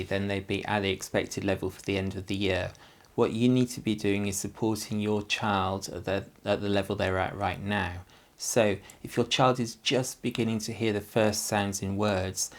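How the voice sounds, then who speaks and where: Slow patient teacher man, gravelly voice. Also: on the low side. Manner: slow, patient, sounding out words and syllables. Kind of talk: phonics lesson demonstration for parents.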